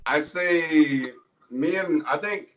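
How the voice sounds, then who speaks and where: A man being interviewed as a pro wrestler, telling stories in a relaxed way with frequent laughs and fillers. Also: a little high, slow, far from the mic, low-quality recording. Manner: laid-back storytelling, laughs often, filler words. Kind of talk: casual interview chat.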